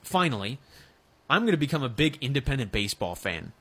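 A man's voice: mid-range voice, very animated, fairly quick, fairly bright tone, slightly rough. A man hosting a sports radio show, chatting casually and joking, with frequent restarts.

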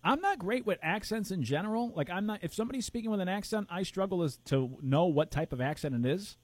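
Rambling man with a lively voice. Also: high-pitched, quick pace, no echo. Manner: rambling, searching for names with fillers. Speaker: podcast co-host. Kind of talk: casual chat.

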